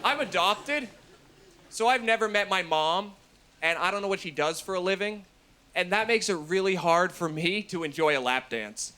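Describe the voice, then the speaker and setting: A man in his thirties performing a stand-up comedy set with dark, deadpan jokes, muttering his asides and shouting his punchlines. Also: moderate pace, slight background noise. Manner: drops to a low mutter for asides. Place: comedy stage before a live audience.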